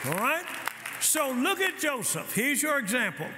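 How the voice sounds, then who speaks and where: An older man preaches in a call-and-response style, punching key lines with shouts. His voice sits high and swings widely in pitch. It rings through a large reverberant church with a murmuring congregation behind him. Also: sing-song, a little slow. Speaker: pastor. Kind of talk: sermon. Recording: echoey hall, crowd noise.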